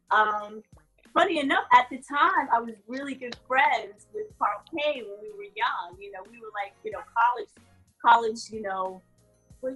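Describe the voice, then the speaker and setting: Actress guest, female, husky and bright, animated storyteller, faint music bed. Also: on the high side, rough recording. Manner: laughs often, animated storyteller. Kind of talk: casual interview chat.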